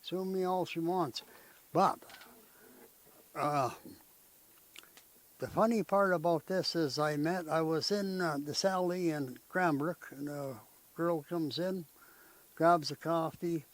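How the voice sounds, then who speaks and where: An older man recounts family stories at an unhurried, slow pace. His voice sits a bit high for a man. He talks in a rambling, folksy way and keeps tagging his sentences with "eh?". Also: low-quality recording. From Canada. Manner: rambling, folksy storytelling with frequent "eh?" tag questions. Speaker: interviewee. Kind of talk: storytelling in conversation.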